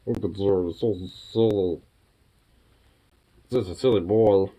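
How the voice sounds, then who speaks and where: A young man chatting affectionately with his dog in teasing baby talk, often yelping up high and laughing. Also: measured pace, mellow, lo-fi sound. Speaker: vlogger. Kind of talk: casual talk to a pet dog.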